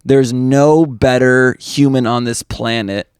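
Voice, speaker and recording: Smooth-voiced man trading podcast quips. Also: mid-range voice, steady tone, takes it slowly, no room sound, studio quality. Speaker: podcast co-host. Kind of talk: casual comedic chat.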